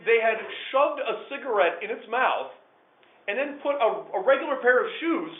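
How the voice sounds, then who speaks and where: Man, live storytelling, animated, lively pitch, tinny phone-like sound. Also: normal speed. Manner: animated, with big swings between hushed and loud. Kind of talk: live personal storytelling to listeners. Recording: echoey room over a tinny phone-like line.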